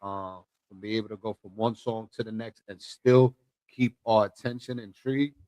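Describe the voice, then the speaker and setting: A man co-reviewing music on a live show, speaking in a measured, thoughtful way and stammering as he works into his points. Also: lowish voice, steady tone, dark tone, no echo, poor audio. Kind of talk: casual live reaction chat.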